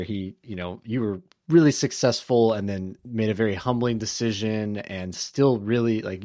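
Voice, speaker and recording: A man's voice: fairly low pitch, darkish tone, dry recording, studio quality. A man hosting a podcast interview, asking questions in a thoughtful, searching way with hesitant restarts. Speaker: podcast host.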